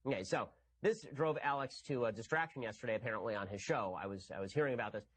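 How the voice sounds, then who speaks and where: A man's voice: mid-range voice, slightly rough. A man giving an argumentative commentary monologue. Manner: rapid, argumentative. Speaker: political commentator.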